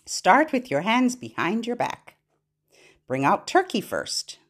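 A woman hosting a podcast for babies, singing nursery rhymes and fingerplays in a playful, sing-song way and giving parents gentle instructions. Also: fairly high pitch, huge pitch swings, slow pace, slightly rough.

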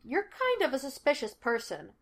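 A woman's voice: high-pitched, wildly swooping pitch, normal speed, voice pushed up, exaggerated voice. Teasing young male sleuth, read by a woman, breezy, playful, audiobook story.

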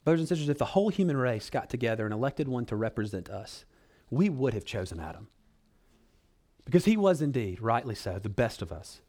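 With a sing-song lilt and a slightly fast pace, a male pastor preaches, earnestly calling the congregation brothers and sisters. Loud pleading gives way to hushed, low stretches and back again.

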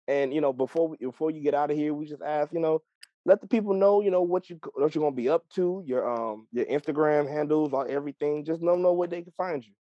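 A man's voice: a little high, fast talker, no echo, lo-fi sound. A man co-hosting a wrestling podcast, hyped and playful, fond of puns. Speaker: podcast co-host. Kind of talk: excited wrestling podcast chat.

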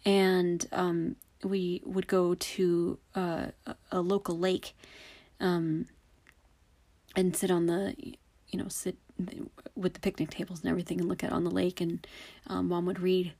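A woman in her thirties casually telling personal memories, rambling with lots of fillers and restarts, fond and animated. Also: on the low side, unhurried.

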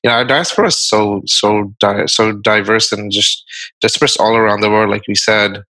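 Bright-voiced male podcast host. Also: fairly low pitch, fairly even intonation, normal speed, no echo, low-quality recording. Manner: easygoing, thinks aloud, friendly and chatty. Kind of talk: casual conversational interview.

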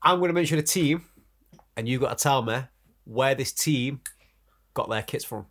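Man, casual, teasing, quiz-master, mid-pitched voice. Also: normal speed, fairly bright tone.

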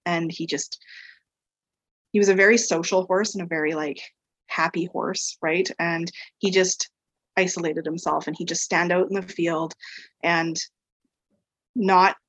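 A woman's voice: lowish voice, fairly even intonation, unhurried, long pauses, fairly bright tone, no echo, low-quality recording. A woman guest on a podcast, telling a personal story in a casual, rambling way full of "like" and "um". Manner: rambling storyteller, heavy use of "like" and "um". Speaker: podcast guest, equine therapy practitioner.

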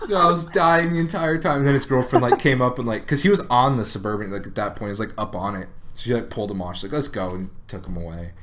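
A man's voice: fairly low pitch, quick pace, few pauses, background noise. A man co-hosting a podcast, telling a story in casual chat, laughing often and saying "like" a lot. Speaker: podcast co-host.

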